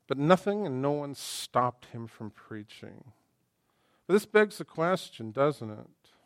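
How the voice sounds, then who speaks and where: Male pastor, middle-aged, animated sermon, swings loud and hushed, dry close sound. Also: medium pitch, dry recording. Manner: animated, acts out quoted voices, swings between loud and hushed.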